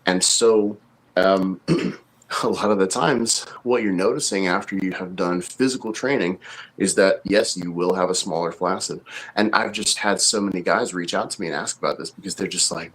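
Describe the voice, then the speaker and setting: A man's voice: low-pitched, normal speed, a bit bright, low-quality recording. A man co-hosting a podcast as a coach, explaining things in casual chat with frequent fillers and restarts. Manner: thoughtful, explains at length with many fillers and restarts.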